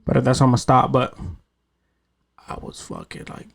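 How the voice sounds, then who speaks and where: A man's voice: mid-range voice, normal speed, gravelly. A man in his late twenties hosting a podcast, telling stories in a casual, swearing chat. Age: 20s. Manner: animated storytelling, heavy swearing. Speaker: podcast host.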